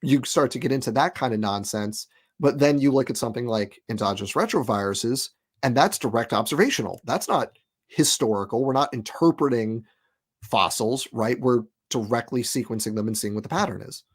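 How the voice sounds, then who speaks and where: A man speaks as a guest in a relaxed conversation, his pitch sitting in an ordinary middle range. He talks emphatically and with open exasperation, often tossing in quick asides. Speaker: guest scientist. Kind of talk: casual conversation.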